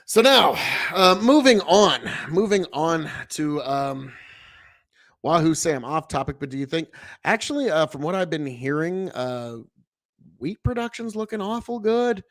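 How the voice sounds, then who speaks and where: A man's voice: on the high side, lively intonation, measured pace, fairly bright tone, no room sound. A man hosting a casual talk show, giving blunt commentary full of swearing and rambling asides. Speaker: podcast host.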